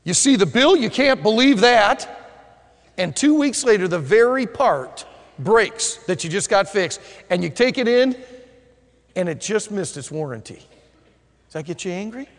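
A man preaching a sermon as a pastor, animated, dropping to a quiet voice for emphasis. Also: sits high, unhurried, long reverb tail.

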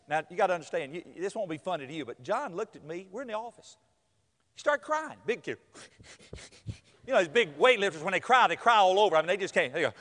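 A man's voice: animated, fast talker, bright, forceful tone. A male preacher telling stories in a sermon, acting out the lines of the people in them. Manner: storytelling with acted-out quotes and big pitch swings. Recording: hall reverb.

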